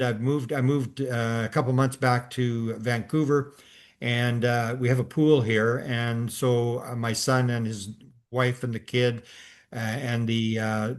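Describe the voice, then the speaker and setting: An older man hosting a podcast, telling a long story in a casual, rambling way with many restarts and fillers. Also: medium pitch. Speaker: podcast host.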